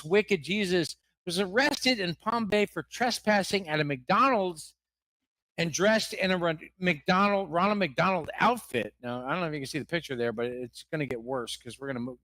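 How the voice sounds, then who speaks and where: A man's voice: high voice, fairly bright tone, no room sound. A man co-hosting a comedic talk show, trading crude jokes and mock-interview questions. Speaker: co-host.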